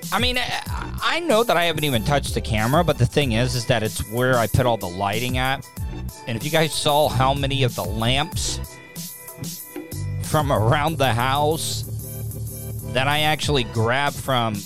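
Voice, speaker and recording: Music plays in the background as a man with a mid-range voice and lively intonation talks at normal speed. He's hosting a casual live-stream podcast from a lamp-lit home studio using a desk podcast mic and mixing board. He rambles, makes fun of himself, and frequently repeats things.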